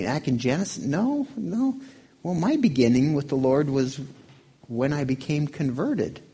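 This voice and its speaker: Gravelly-voiced man preaching conversationally. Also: mid-range voice, dark tone. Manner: conversational preaching with rhetorical questions. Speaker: pastor. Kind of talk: sermon.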